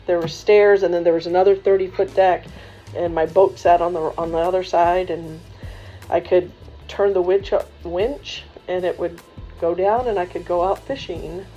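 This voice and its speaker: Woman, low mellow voice, lively humorous storytelling, muffled recording with faint music behind. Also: moderate pace. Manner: lively, humorous, laughs while telling, voices others in dialogue. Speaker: religious sister, former coach. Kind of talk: storytelling to students.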